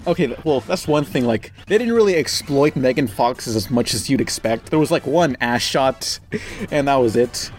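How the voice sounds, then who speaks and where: A man's voice: medium pitch, animated, normal speed, darkish tone. A young man casually reviewing a movie with a friend, rambling, laughing often and swearing freely. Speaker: podcast co-host.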